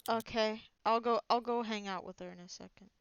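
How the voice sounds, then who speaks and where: A woman's voice: fairly high pitch, fairly even intonation, a little fast, smooth, no room sound, highs cut off. A woman playing a tabletop role-playing game in a cheerful, playful, casual way. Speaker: player.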